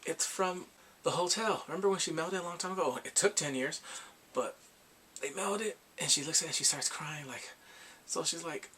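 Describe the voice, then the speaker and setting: A man casually recapping a drama's plot, animated and emotional, acting out the characters' lines. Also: a little high, normal speed, a little hiss or hum. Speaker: drama reviewer.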